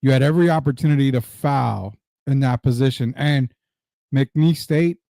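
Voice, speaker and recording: Mellow male sports show host. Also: medium pitch, normal speed, creaky, no echo. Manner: relaxed, chatty opinions on games. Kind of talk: casual sports talk.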